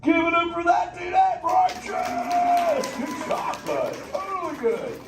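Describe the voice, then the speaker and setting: A mellow surfer sea turtle bounces all over the pitch range as he riffs in beach slang. The sound is distant and roomy, with the crowd audible behind him. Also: huge pitch swings, slow, over loud music, exaggerated voice. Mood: stoked. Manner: surfer slang, playful banter with the audience. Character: laid-back surfer sea turtle, male, easygoing. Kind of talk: live interactive theater show. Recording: echoey theater from afar with audience noise.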